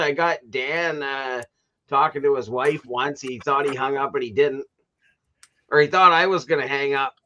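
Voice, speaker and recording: A middle-aged man with a bright, fairly high voice chats casually on a livestream. He tells long stories and laughs often. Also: highs cut off. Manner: chatty storyteller who laughs often. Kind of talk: casual chat.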